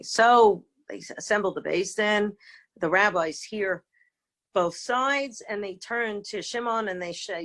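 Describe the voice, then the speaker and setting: A middle-aged woman teaching an informal online lesson over a video call, talking in a halting way with many fillers and restarts. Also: mid-range voice, a bit bright. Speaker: rabbanit teaching a seder talk. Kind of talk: informal virtual lecture.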